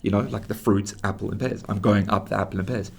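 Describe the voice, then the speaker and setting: A man's voice: lowish voice, quick pace, gravelly, slightly rough. A man with a London accent, a guest in a casual conversation, telling stories and acting out the voices of the people he quotes. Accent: London English. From England. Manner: lively storyteller who acts out quoted voices. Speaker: interview guest.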